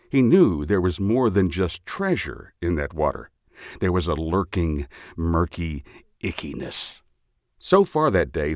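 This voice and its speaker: A man reading a children's picture book aloud for a library phone story line, with expressive, lively storytelling. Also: sits low, no echo. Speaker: storybook reader.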